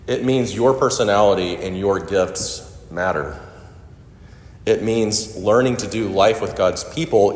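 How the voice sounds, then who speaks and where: A man preaching a sermon as a pastor, speaking in a lively, conversational way with little jokes. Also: lowish voice. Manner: animated, conversational, with quips and laughs. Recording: echoey hall with long reverb.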